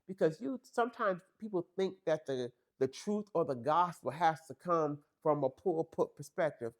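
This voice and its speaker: A woman's voice: sits low, lively intonation, normal speed, hardly any pauses. A woman hosting a faith-based podcast, giving an emphatic motivational talk to women listeners with lots of repetition and direct address. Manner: preachy and emphatic, repeats phrases for emphasis; talks straight to women listeners, calls them girl and honey. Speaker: podcast host.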